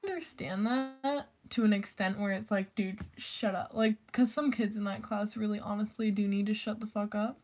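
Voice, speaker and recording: A teenage girl in high school, telling a rambling story about her teacher, full of "like" fillers, swearing and quoted voices. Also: moderate pace, hardly any pauses. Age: teens. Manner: rambling, heavy "like" filler, swearing, animated quoting. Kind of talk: casual storytime rant.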